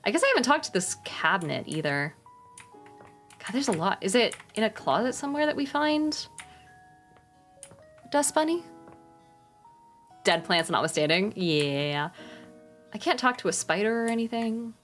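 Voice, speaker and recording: A woman's voice: medium pitch, very animated, normal speed, long pauses, fairly bright tone, faint music behind. A woman streaming a game, chatting casually with her viewers and swearing freely.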